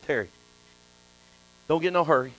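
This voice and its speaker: A man preaching a sermon as a bishop, dropping to hushed storytelling and rising to shouted praise. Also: on the high side, normal speed, no echo, poor audio.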